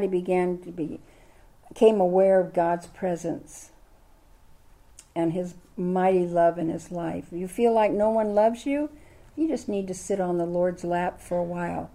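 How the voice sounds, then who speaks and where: Older woman, Bible study teacher, mellow voice, chatty and full of questions to the class. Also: lowish voice. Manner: chatty, asks the listeners many questions.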